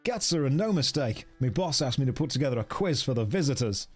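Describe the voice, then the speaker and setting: A chatty, slangy museum worker with a put-on Australian accent, as a man puts him on. He talks in a lively, bouncing way, with faint music playing under the voice. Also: medium pitch, fast, natural voice. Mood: breezy. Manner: breezy, slangy.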